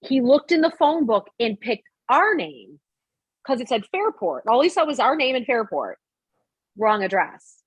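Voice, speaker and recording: A woman hosting a casual conversation, telling stories in an animated way and laughing often. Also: a little high, measured pace, slightly rough, no room sound. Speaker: host.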